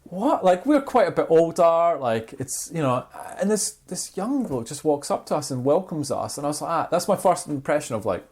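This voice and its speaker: A man's voice: a little high, brisk, hardly any pauses, breathy edge. A man co-hosting a podcast, chatting casually and acting out the people in his stories. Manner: animated storyteller, acts out quoted people. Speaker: podcast co-host. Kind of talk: casual chat.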